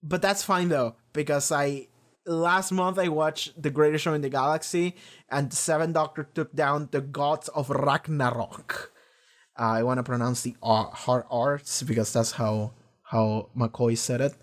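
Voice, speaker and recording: A man with a somewhat high voice talks loosely about a show as a reaction video host. He rambles, restarts his thoughts mid-sentence and swears freely in a casual, unscripted way. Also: steady tone, normal speed. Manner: rambling, profane, lots of restarts. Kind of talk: casual rambling episode discussion.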